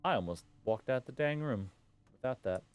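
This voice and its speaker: A man's voice: medium pitch, expressive, moderate pace, clear, resonant tone, soft background music. Joking man streaming a game. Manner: mutters and reads game text aloud, joking in slang. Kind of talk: casual live gameplay commentary.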